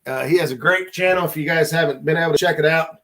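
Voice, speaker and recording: A man's voice: fairly high pitch, fast, bright, forceful tone. A man hosting a casual livestream chat, laid-back and rambling as he reads out viewer comments. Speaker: livestream host.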